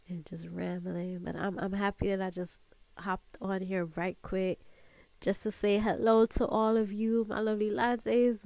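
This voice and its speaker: Brief: woman host, heartfelt talk, slow unhurried delivery, dry close sound. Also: on the low side, darkish tone, dry recording, low-quality recording. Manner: earnest, preachy, building to emphatic peaks. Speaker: podcast host. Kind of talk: casual heartfelt monologue.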